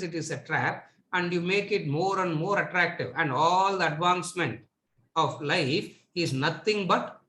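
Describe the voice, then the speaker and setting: In an echoey lecture room full of seated listeners, a man gives a scripture lecture in a slightly high, bright, forceful voice. Rhetorical questions and emphatic repetition of words mark his teaching.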